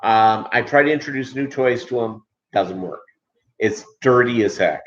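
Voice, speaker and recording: A man's voice: medium pitch, moderate pace. Male streamer from Minnesota, casual and meandering, lots of "uh", dull lo-fi recording. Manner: rambling, many filler ums and uhs. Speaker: livestream host. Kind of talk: casual livestream chat.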